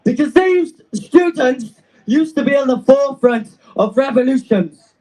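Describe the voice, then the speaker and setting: A young man, a student activist, giving an impassioned, defiant speech to an outdoor rally, shouting and out of breath. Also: very high-pitched, lively intonation, measured pace, rough recording. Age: young adult.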